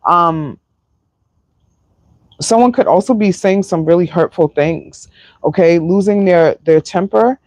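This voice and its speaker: Woman tarot reader, slow and emotional, dry close sound. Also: on the low side, a little mellow, dry recording. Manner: slow, emotional, sighing, filler-heavy. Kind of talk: live-stream tarot reading.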